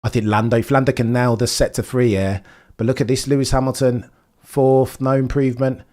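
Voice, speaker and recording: Excitable man reacting live. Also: brisk. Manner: excitable, swings from shouting to low muttering disbelief. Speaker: livestream watchalong commentator. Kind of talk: live reaction commentary to chat.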